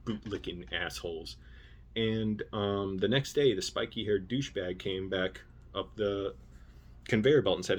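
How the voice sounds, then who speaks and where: A man with a low, husky voice rants about an old job in a casual storytime manner. He is indignant and swears freely, often breaking off into asides. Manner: indignant and profane, trailing off into asides. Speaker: vlogger.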